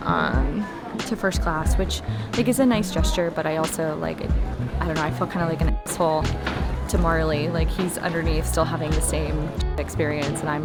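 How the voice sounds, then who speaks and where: A young woman vlogging casually, chatty and emotional, cooing at her dog in a high voice. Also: vocal fry. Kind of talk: casual vlog talk to camera.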